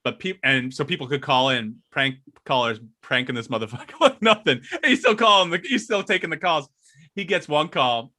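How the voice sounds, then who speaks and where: Podcast co-host, young man, bright rambling storyteller who laughs a lot. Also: fairly high pitch, expressive, fairly quick. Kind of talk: casual podcast banter.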